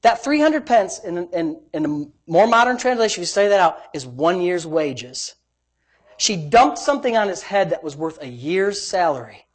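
A middle-aged man, a pastor with a high voice, preaching emphatically and dropping from quiet asides to loud exclamations. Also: very animated, normal speed. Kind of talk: sermon.

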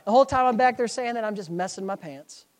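High-voiced, fervent male preacher. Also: quick pace. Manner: fervent preaching, rhetorical questions, swings from hushed to shouting. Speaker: pastor. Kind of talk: sermon.

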